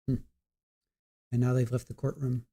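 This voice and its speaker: A man hosting a live stream chats loosely with his viewers. He talks straight to the chat, trails off, and starts his sentences over. His voice is mellow and rather dark, at an ordinary male pitch. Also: monotone, normal speed, husky. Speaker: livestream host. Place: home setup at a computer.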